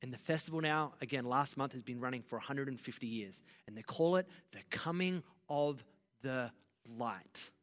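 A man preaching a sermon as pastor, passionate and building to loud, emphatic delivery. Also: mid-range voice, normal speed. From Australia. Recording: long reverb of a large hall.

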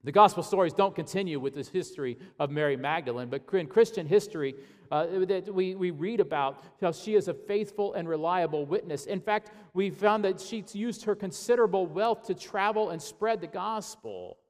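A man delivers a sermon from a pulpit in a slightly higher-than-usual voice. He moves between playful jokes and hushed, weighty lines. His voice carries a long reverb from a large hall. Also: normal speed. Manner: animated, joking asides, dramatic hushed drops. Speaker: pastor.

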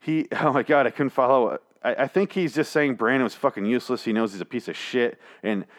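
A man's voice: medium pitch, fairly quick. A man hosting a solo podcast from a small studio, rambling through a casual recap with lots of swearing and jokes. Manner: rambling, profane, jokey. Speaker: podcast host. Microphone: headphones on, studio mic.

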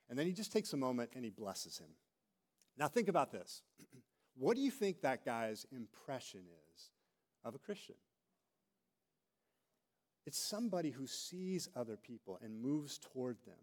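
A middle-aged man preaching a sermon as a pastor, telling stories with animated delivery and acting out quoted voices. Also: mid-range voice, moderate pace, long pauses.

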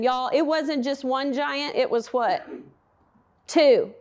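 A woman with a high voice preaches a Bible lesson in a relaxed, conversational way. She is animated and often puts questions to her listeners. She slips into quoted voices as she tells the story. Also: slow. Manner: animated, acts out quotes and asks the audience questions. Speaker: bible teacher. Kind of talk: conversational sermon.

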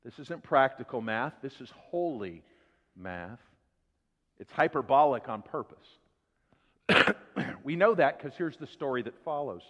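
A man preaching a sermon to his church, swinging between loud emphasis and hushed asides. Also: medium pitch, sing-song, normal speed. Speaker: pastor. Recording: long hall reverb, dull lo-fi sound.

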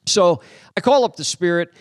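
Animated man telling a sermon story. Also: moderate pace, dry recording. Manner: animated storyteller, acts out dialogue with shifting pitch and loudness. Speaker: pastor and teacher on deliverance.

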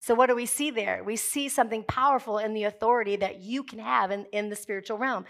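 A woman pastor preaching a sermon to her congregation, emphatic and building to forceful declarations, with jokey asides. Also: fairly high pitch, quick pace, vocal fry.

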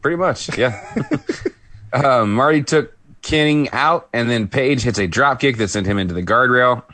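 A man co-hosting a podcast, giving a relaxed play-by-play recap of a wrestling match with light laughs. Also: medium pitch, a little slow, dry recording. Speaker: podcast co-host.

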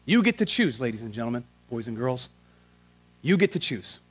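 A man preaching a sermon as a pastor, in a casual, slangy way, swinging from loud emphatic questions to quiet, earnest prayer. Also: medium pitch, big pitch swings, a little fast, slightly rough.

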